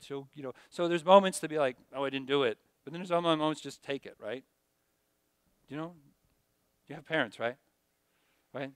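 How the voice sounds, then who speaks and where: A middle-aged man teaching a class in a rambling conversational way, full of restarts and quick "right?" checks to the students. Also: on the high side, smooth, no echo, clean studio sound. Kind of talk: classroom lecture.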